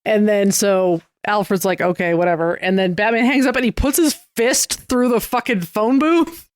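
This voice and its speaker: A co-host walks through a comic plot in a loose, relaxed way, with plenty of fillers along the way. The voice sits at a middle pitch. The recording is dry and close-miked. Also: normal speed, no room sound. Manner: relaxed recapping, many fillers like "like". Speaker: podcast co-host. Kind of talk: casual comic book chat.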